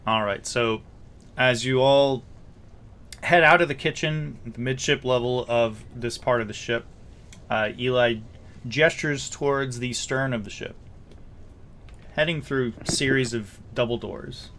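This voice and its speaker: A man narrating a tabletop game as game master, describing scenes with many pauses and fillers. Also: mid-range voice, fairly bright tone, slight background noise.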